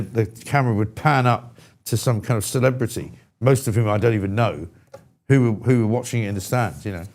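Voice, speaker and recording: A man's voice: medium pitch, a little mellow. A man hosts a live talk show, blunt and irascible. He rants about what annoys him with plain exasperation, then reads out viewer messages in the same blunt, chatty way. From England. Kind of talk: opinionated live show chat.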